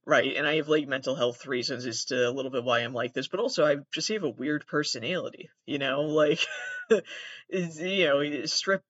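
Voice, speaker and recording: A man hosting a podcast in a rambling, profane, self-deprecating monologue, with a gravelly, monotone voice. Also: on the high side, normal speed, no echo. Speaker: podcast host. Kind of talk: casual monologue. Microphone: laptop recording. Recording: dull, dry lo-fi sound.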